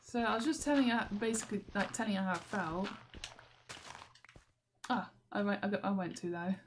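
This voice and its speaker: A woman's voice: mid-range voice, fairly quick, a little hiss or hum. A young woman, rambling and exasperated in a video diary, laughing often. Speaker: vlogger. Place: walking through a station.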